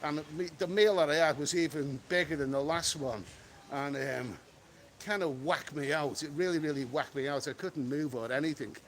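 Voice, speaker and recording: A man's voice: a little high, normal speed. A man with a cold walking along an island beach, reading out and answering viewer comments in a chatty live-stream vlog. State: has a cold, sniffly. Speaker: travel vlogger. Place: outdoors on a tropical island beach and town.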